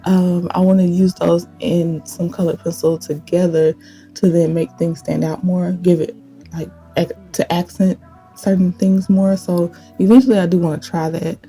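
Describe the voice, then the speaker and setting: Woman with a gravelly morning voice. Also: fairly low pitch, normal speed. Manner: relaxed and chatty. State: deep morning voice. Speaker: art channel host. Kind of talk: laid-back chat while sketching. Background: faint background music.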